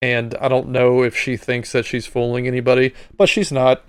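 A man's voice: medium pitch, completely flat delivery, normal speed, clear, resonant tone, no room sound. A man hosting a podcast, commenting bluntly and with exasperation on a hearing clip. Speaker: podcast host.

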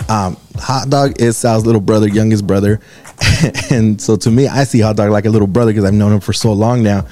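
Mellow-voiced man telling a story. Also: lowish voice, a little fast. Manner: animated, laughing storyteller. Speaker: radio show co-host. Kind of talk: casual storytelling chat.

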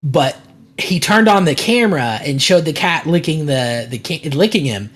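A man's voice: animated, normal speed, fairly bright tone. A man co-hosting a podcast, telling stories in casual chat and acting out the people in them. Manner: rambling storyteller, acts out quotes with big jumps in pitch. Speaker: podcast co-host.

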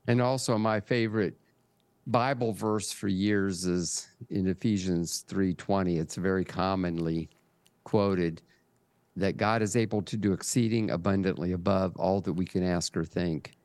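Low-voiced older man, dry sound. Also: fairly even intonation, measured pace, a little mellow, no room sound. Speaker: podcast guest, publisher. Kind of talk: conversational interview.

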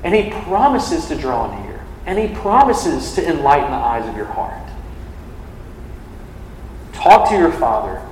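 A man's voice: on the high side, very animated, measured pace, pauses often, darkish tone, slight background noise. A young man preaching a sermon to a campus ministry, conversational and full of "like" fillers. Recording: echoey hall from a distance.

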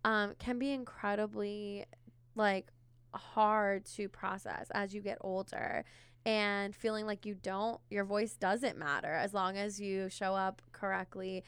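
A woman's voice: medium pitch, fairly even intonation, measured pace, fairly bright tone, smooth, dry recording. A woman therapist co-hosting a podcast, chatting casually and filling her talk with "like" and "you know.". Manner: conversational, many filler words.

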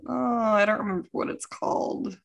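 A woman co-hosting a podcast who chats with easy enthusiasm and happily drifts into tangents. Her voice is mid-pitched and conversational. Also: steady tone, normal speed, vocal fry. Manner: chatty, enthusiastic, goes off on tangents. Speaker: podcast co-host. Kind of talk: casual podcast chat.

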